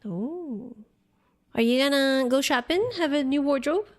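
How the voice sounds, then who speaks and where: A woman's voice: high-pitched, measured pace. A woman streamer chatting casually with her viewers, addressing them by name and laughing often. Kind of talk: casual live-stream chat.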